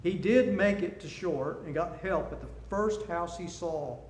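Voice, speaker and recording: A man's voice: high voice, a little slow. A man in his sixties giving a seminar talk, telling stories and jokes with animation. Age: 60s. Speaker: seminar speaker. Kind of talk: storytelling talk. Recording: echoey room, faint noise.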